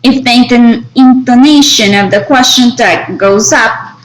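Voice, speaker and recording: Woman English teacher, high and unhurried, patient step-by-step explainer. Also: low-quality recording. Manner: explains step by step, checks with "right?". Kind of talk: recorded grammar lesson.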